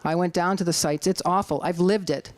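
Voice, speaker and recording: A middle-aged woman with a Canadian accent giving an animated public talk as an activist speaker, rallying her audience and acting out quotes in a high voice. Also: fairly quick, dry recording. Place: community hall talk.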